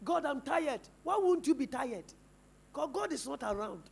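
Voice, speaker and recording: A man's voice: extremely high pitch, animated, normal speed, gravelly, a little mellow. A man with a Ghanaian English accent preaching a sermon in church, firing rhetorical questions at the congregation. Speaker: pastor.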